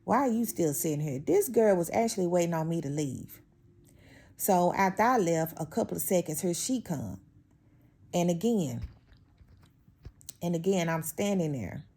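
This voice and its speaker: A woman with a lowish, mellow voice tells a storytime from her home. She chats casually and sounds openly exasperated. She keeps turning to her viewers as if they were friends. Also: animated, unhurried, pauses often. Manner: chatty, exasperated, addresses viewers as y'all. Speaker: vlogger telling a workplace story.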